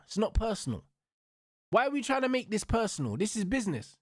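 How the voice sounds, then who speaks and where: High, lively ranting man. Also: a little fast, no room sound, studio quality. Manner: profane, slang-heavy, repeats tags like bro and blood. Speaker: football watch-along host. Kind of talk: heated football rant.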